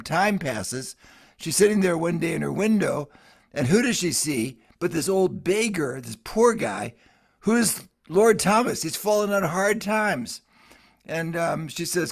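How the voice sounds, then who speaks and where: A man's voice: on the high side, animated, unhurried, vocal fry, breathy edge. A man retelling an old ballad's plot in a casual, rambling storytelling manner, with many restarts. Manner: rambling, offhand, with frequent restarts. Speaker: folk song performer explaining a ballad.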